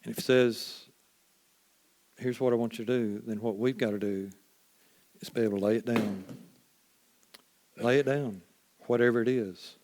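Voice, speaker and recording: A man preaching a sermon as a first-person story, folksy and conversational, often dropping to a quiet hush. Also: medium pitch, fairly even intonation, moderate pace, long pauses.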